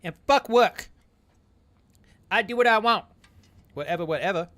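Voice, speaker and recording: A man's voice: lively intonation, normal speed, sharp tone. A man putting on a whiny, childish grown man-child voice as he reads out a chat message. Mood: petulant. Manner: childish, squeaky, petulant.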